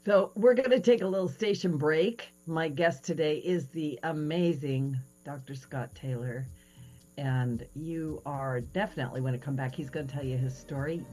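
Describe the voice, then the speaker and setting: A woman hosting a radio talk show, telling stories in an animated way with frequent fillers and hesitations. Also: sits low, measured pace, rough recording. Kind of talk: casual radio interview chat.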